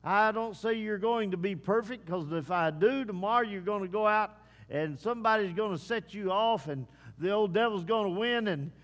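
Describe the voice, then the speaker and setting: A man preaching a sermon to his congregation in a folksy way, with many pauses and "uh" fillers. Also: high-pitched, a bit bright. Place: church service. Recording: long hall reverb.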